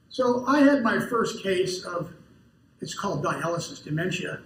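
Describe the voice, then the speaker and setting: A man's voice: high-pitched, expressive, a little fast. A man giving a conference lecture and answering questions, telling folksy stories with quoted dialogue. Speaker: conference speaker. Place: conference hall. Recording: echoey hall, distant mic, faint noise.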